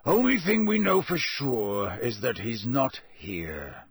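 A man voicing a gruff, grizzled old male wizard in an audiobook, slow and growling with a husky voice. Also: medium pitch, big pitch swings, dry recording, heavily acted. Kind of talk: audiobook character voice.

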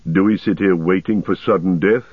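A gruff, stout dwarf warrior, put on by a male reader, speaking low and blunt with a grim, wary edge. The sound is thin and tinny, like an old radio broadcast, and very dry. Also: fairly even intonation, normal speed, no echo. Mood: gruff, uneasy.

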